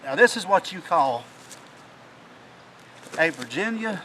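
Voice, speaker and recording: A man with a slightly high voice tells a hunting story outdoors in the mountains. He rambles, restarts and gets excited. A faint hiss of the woods sits under his voice. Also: slow, low-quality recording. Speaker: hunting channel host. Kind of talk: casual chat after a hunt.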